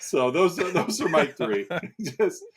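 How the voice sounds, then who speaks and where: A man hosting a film podcast in easy casual chat, quick to joke and laugh. His voice is husky and a bit high. His pitch swings widely as he talks. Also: sing-song. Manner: jokey, laughs often. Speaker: podcast co-host.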